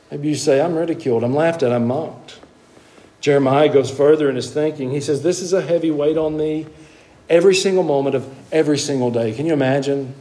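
A man preaching a sermon, moving between hushed asides and emphatic, high-pitched exclamations.

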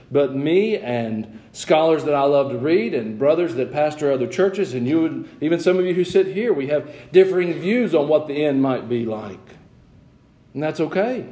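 Mellow-voiced pastor preaching in an echoey church. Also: male voice, on the high side. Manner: conversational, joking asides, rising to emphatic passages. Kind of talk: sermon. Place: church sanctuary.

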